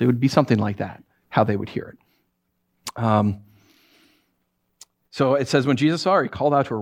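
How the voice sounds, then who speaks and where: Animated conversational male pastor. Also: medium pitch, normal speed, long pauses. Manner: conversational, animated preaching with many fillers and self-corrections; swings into acted quotes and wry humor. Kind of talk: sermon.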